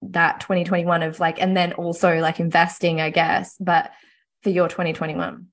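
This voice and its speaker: A woman's voice: on the low side, little pitch movement, normal speed. Affirming, chatty woman podcast host. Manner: warmly affirming, reflective and chatty. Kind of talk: conversational interview.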